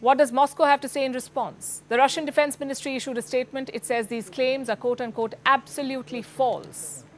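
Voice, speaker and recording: A woman's voice: sits high, fairly even intonation, a little fast, hardly any pauses. A woman with an Indian English accent presenting the news as an anchor, in a pointed, emphatic scripted delivery.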